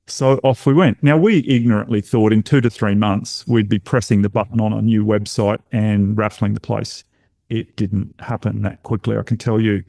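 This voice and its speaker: Warm-voiced man telling a story. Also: fairly low pitch, moderate pace, creaky, no room sound, clean studio sound. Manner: animated storyteller who acts out other people's lines. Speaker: podcast guest, intuition coach. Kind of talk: personal storytelling in a podcast interview.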